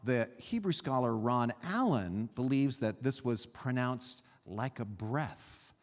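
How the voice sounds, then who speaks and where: A man preaching a sermon as a pastor, teaching in an animated way with pauses and emphasis. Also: mid-range voice, big-room sound. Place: church sanctuary.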